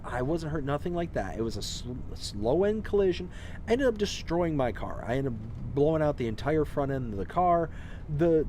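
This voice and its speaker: Against slight background noise, a medium-pitched, slightly mellow man hosts a farming game stream. He rambles through a long personal story with many restarts, chatting casually and reading out and thanking viewers' messages.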